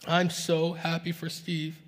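A man preaching a sermon, telling a story to his church in a relaxed, conversational way. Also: on the high side, slow pace. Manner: conversational, recounting dialogue. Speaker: pastor. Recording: reverberant hall sound.

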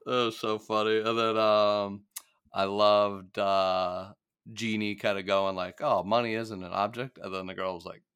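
A man co-hosting a podcast, chatting casually about a TV episode, laughing often and relaxed with fillers. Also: fairly low pitch, measured pace, clear, resonant tone. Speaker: podcast co-host.

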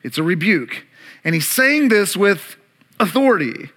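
A man preaching a sermon as pastor, animated, acting out voices to an audience in a church room. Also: sits high, unhurried. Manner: animated preaching, acts out disciples' panic and Jesus' calm.

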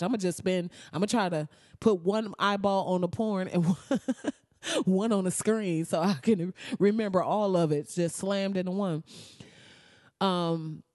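Animated, profane young woman vlogger. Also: fairly low pitch, no room sound, clean studio sound. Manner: animated, profane, laughs often, mock-outraged asides. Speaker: vlogger reacting to a movie trailer. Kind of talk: excited casual reaction vlog.

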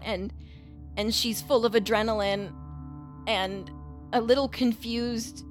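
A woman with a fairly high voice narrates her character slowly and hesitantly, with many fillers. Loud music plays behind her. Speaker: player.

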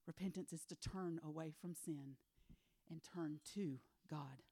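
A woman preaching a sermon, retelling a Bible story with animated voices for the characters and hushed, near-whispered emphasis. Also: low-pitched, a little slow. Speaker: women's ministry speaker.

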